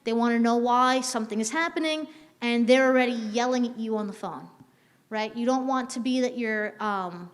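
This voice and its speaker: A woman with a slightly high voice runs a workplace training session. She talks conversationally, with many "um" pauses and a habit of asking "right?". Her voice carries a long reverb, as in a big room. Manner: frequent "um" fillers and restarts. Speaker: staff trainer.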